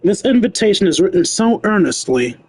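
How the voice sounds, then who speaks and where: A man streams a video game and chats casually as he explains the story to his viewers. His voice runs fairly high, and faint game music plays underneath. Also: big pitch swings, fairly quick, poor audio. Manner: chatty, explaining lore to viewers.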